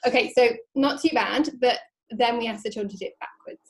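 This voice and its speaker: A woman presenting a webinar in a friendly way, laughing often and reading test digits out slowly. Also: fairly high pitch, poor audio. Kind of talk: webinar talk.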